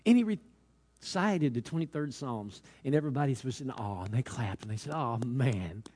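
A man's voice: medium pitch, sing-song, moderate pace, dark tone. A man preaching a sermon, telling stories and building to fervent exhortation, with many repeated hallelujahs.

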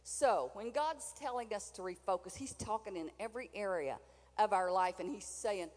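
A woman's voice: medium pitch, moderate pace, long reverb tail. An older woman preaching a sermon in a chatty, folksy way, with asides to the congregation.

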